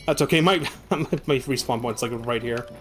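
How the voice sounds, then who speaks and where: A man streaming a game live, swearing often and shouting at monsters, with dry joking asides in between. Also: medium pitch, normal speed, soft background music. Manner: exasperated, swears a lot, yells at game monsters. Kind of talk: live gameplay commentary.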